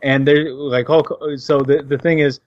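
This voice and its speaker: A man's voice: medium pitch, level tone, unhurried, no echo. Give me a sarcastic man ranting with many fillers, on dull, dry audio. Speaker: podcast co-host. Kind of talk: casual opinionated banter.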